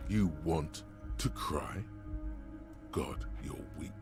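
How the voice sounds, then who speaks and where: An actor voicing an ominous inner voice that narrates a video game character's thoughts, grave, taunting and intimate. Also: male voice, a bass voice, drawn-out words, music in the background, full character voice.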